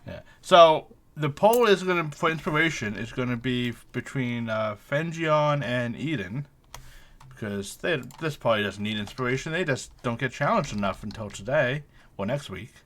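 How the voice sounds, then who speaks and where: A man's voice: medium pitch, lively intonation, moderate pace, fairly bright tone. A man running a streamed tabletop game as game master, chatty and joking.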